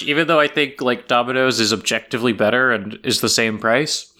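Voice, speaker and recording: A man in casual chat, explaining his opinions in an animated way. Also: mid-range voice, fairly quick.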